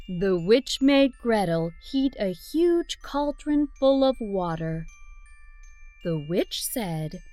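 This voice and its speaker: A woman narrating a children's fairy tale aloud, reading clearly and deliberately for small kids. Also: fairly high pitch, very animated, no room sound, soft background music. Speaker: storyteller.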